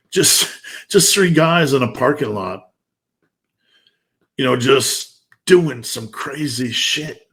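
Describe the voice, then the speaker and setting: A man's voice: mid-range voice, creaky, fairly bright tone. A man in his fifties giving a blunt, intense motivational rant, swearing heavily. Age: 50s. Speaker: motivational speaker.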